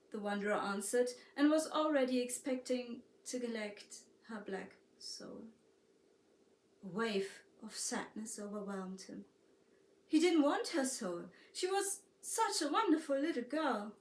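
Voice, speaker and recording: A woman with a German accent narrating a storybook tale slowly and softly, as a harpist and storyteller. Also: fairly high pitch. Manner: slow, soft-spoken storytelling. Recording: roomy echo, distant mic.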